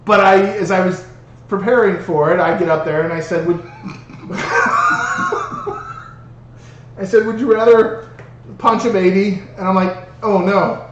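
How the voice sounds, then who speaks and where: A man co-hosting a podcast, telling an embarrassing story in an animated way and laughing through it. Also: sits high, brisk. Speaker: podcast co-host. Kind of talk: casual storytelling chat. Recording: roomy, distant mic with background noise.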